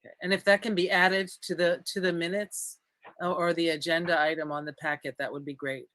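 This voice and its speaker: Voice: medium pitch, little pitch movement, brisk, bright, forceful tone, no echo. A council member politely and a little hesitantly asking a clarifying question at a council meeting.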